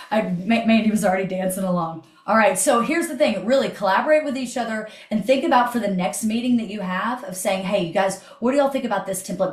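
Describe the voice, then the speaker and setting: A woman hosting a motivational video call, energetic and chatty, swearing casually. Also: mid-range voice, reverberant. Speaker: host.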